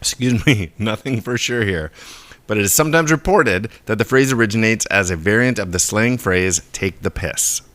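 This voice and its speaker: A man co-hosting a podcast, casually explaining word origins in a relaxed way and often stopping to restart his sentences. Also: fairly low pitch, normal speed, no echo. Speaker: podcast co-host.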